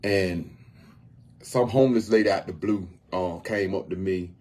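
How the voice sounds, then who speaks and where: A man's voice: low-pitched, measured pace, a little mellow. A man talking casually on a livestream from home, earnest and often repeating himself as he speaks about helping people in need. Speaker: homeless outreach volunteer.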